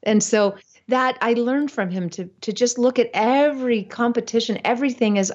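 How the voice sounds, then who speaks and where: A woman's voice: a little high, moderate pace, few pauses, a little mellow, dull audio. A woman guest on a podcast, talking casually about investing, chatty, with many fillers and frequent laughter. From United States. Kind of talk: casual interview talk.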